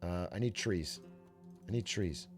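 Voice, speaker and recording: A man's voice: low-pitched, measured pace, darkish tone. A young man streaming a strategy game, chatting casually, joking, swearing and talking himself through nerves. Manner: jokey, swears, repeats himself when nervous. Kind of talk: casual gameplay chat. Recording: faint game music behind.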